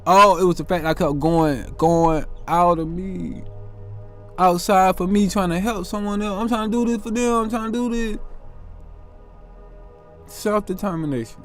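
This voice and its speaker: An earnest man talks through a reflective motivational monologue, asking himself questions and answering them aloud. His voice sits a little high for a man, and faint music plays underneath. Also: fairly even intonation. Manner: earnest, self-questioning, drawn-out musing. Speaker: host.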